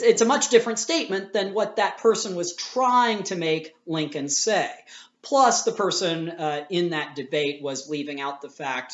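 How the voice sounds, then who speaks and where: A man's voice: a little high, a bit bright. Man lecturing with lots of uh's. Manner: conversational, frequent uh fillers and restarts. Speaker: teacher. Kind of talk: recorded class lecture. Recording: roomy, dull lo-fi sound.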